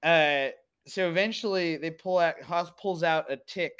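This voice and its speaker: Podcast co-host, storyteller, casual and amused, middle pitch. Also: a little slow, a bit bright, clean tone. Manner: storytelling, laughing through plot recaps. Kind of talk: casual chat recapping a TV episode.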